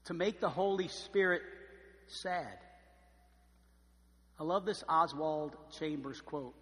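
A male pastor preaching with a high, bright, forceful voice. He drops quiet and slows for stress, then rises loud and emphatic. The sound carries a long hall reverb. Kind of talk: sermon.

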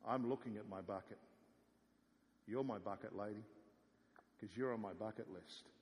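A man in a sermon playing Jesus as a calm, gentle, teasing figure, speaking slowly and softly. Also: long reverb tail, a little hiss or hum, natural voice. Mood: tender, playful. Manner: slow, low and hushed.

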